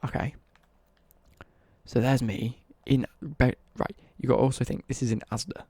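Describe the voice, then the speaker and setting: Gravelly English guy telling a story. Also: medium pitch, flat delivery, normal speed, darkish tone, dry recording. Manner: swears freely, rambling with self-corrections. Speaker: livestreamer. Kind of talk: casual storytelling on a livestream.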